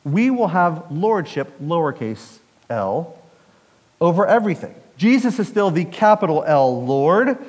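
A man's voice: on the high side, very animated, a little slow, darkish tone. A man preaching from the pulpit, talking it through with the congregation and tossing questions out to them. His slightly raised voice rings through a hall with a long reverb. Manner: conversational, asks the congregation questions. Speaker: pastor. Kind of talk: sermon.

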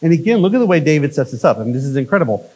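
A male pastor delivering a conversational sermon, often checking in with "right?" and swinging from emphatic lines to hushed ones. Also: fairly high pitch, big pitch swings, rapid-fire, breathy edge, rough recording.

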